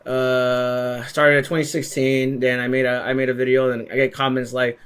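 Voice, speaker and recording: Man, young adult, casual talk, stumbles and repeats words, average pitch. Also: flat delivery, normal speed, hardly any pauses, fairly bright tone, smooth. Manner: repeats words, many restarts. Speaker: interviewer. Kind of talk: casual conversation.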